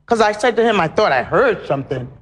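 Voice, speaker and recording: A woman's voice: medium pitch, big pitch swings, fast, a little hiss or hum. A woman playing an indignant wife in a staged courtroom comedy sketch, telling her side dramatically. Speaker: wife in a mock divorce court.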